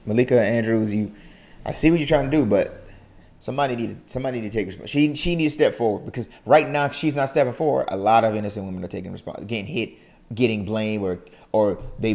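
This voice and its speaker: Gravelly, animated young man reacting. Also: medium pitch. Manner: animated, repeats phrases for emphasis. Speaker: YouTube reaction host. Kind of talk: casual reaction commentary.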